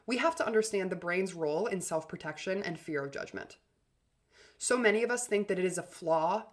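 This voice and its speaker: A woman hosting a motivational podcast about confident communication, with an upbeat, chatty delivery full of "like" and "literally.". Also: fairly low pitch. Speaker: podcast host and communication coach.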